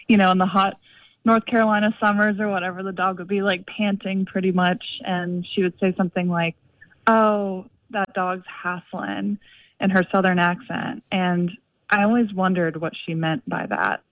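A woman's voice: medium pitch, flat delivery, moderate pace, dry recording, muffled recording. A young adult woman calling in to a radio show, chatty and full of "like" fillers. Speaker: caller. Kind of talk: casual phone-in chat.

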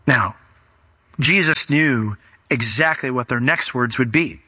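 A man's voice: medium pitch, takes it slowly, pushed and bright, slightly rough, dry recording. A man preaching a conversational, emphatic sermon as a pastor, explaining scripture to his congregation.

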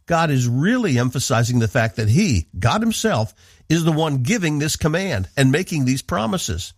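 A man from the northeastern United States, hosting a radio program with earnest, measured devotional Bible teaching. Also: on the high side, big pitch swings, dry recording, studio quality.

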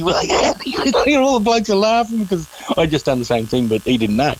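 A man in his forties with an Australian accent, telling stories in a relaxed way as an interview guest, mimicking the voices of others. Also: mid-range voice, normal speed, few pauses, rough recording. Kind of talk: casual storytelling in an interview.

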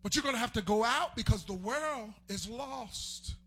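A man delivering a sermon, chanting his lines and swelling into shouts. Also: extremely high pitch, moderate pace, husky. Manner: chanting, sing-song preaching that swells into shouts. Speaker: preacher.

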